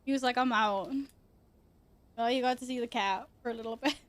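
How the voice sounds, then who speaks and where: A woman's voice: fairly high pitch, steady tone, brisk. A young woman streaming from her computer at home, chatting casually, swearing freely and cooing at her cats. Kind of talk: casual chat.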